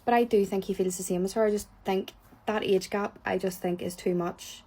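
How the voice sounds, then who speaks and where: A woman's voice: medium pitch, fairly even intonation, fairly quick, mellow, breathy edge. A woman with a Northern Irish accent, chatting casually about a reality show, blunt and opinionated, swearing freely, hot and sweaty as she talks. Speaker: reality TV reviewer. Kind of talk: casual reaction chat.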